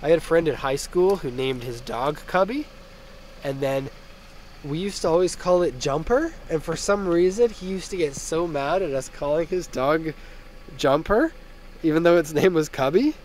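A young man, a little hoarse from being sick, giving a casual walkaround review from inside a minivan, chatting with jokey tangents into a handheld camera. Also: fairly high pitch, animated, moderate pace, a little mellow, slight background noise. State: slightly hoarse from a recent illness. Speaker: car import dealer and reviewer.

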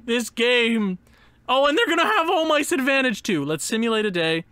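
Lively, bright-voiced man venting over a game. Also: very high voice, normal speed. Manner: exasperated, sarcastic, breaks into pained laughter. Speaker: gaming YouTuber. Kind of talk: casual gameplay commentary.

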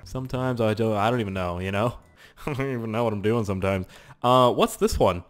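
A man giving casual gameplay commentary as a YouTuber, rambling and self-mocking, with swearing and sudden excited outbursts. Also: lowish voice, brisk. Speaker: gaming YouTuber.

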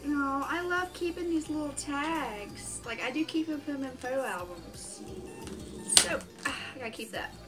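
A woman's voice: high-pitched, animated, normal speed, over music. A woman chatting casually in a home vlog, gushing and exclaiming often. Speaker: vlogger.

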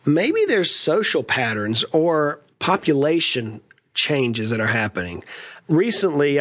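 A man's voice: mid-range voice, a bit bright. A middle-aged man from East Tennessee, hosting a conversational business lesson with folksy, joking asides. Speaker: podcast host and financial advisor.

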